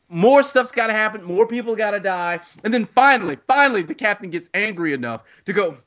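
Guy going off on a rant, high voice, swoops up and down a lot. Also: fairly quick. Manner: ranting, animated, acts out scenes in quoted voices. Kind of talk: casual chat.

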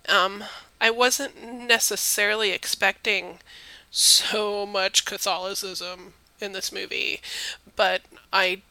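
A woman's voice: mid-range voice, a little slow, no echo. A woman with a Southern US accent co-hosting a podcast, chatting playfully about films. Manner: lively, playful, talkative. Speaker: podcast co-host. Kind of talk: casual film review chat.

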